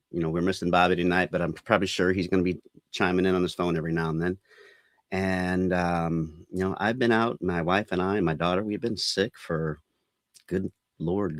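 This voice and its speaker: A man hosts a podcast in a loose, earnest way and talks around his point with plenty of ums. His voice sits very low. The sound is close and dry. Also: no echo. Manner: rambling, earnest, many fillers. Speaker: podcast host. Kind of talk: casual podcast chat.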